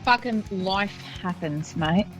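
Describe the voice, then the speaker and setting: A woman's voice: mid-range voice, slow, faint music behind, rough recording. A woman and mother co-hosting a podcast, teasing and crude in casual chat. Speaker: podcast co-host.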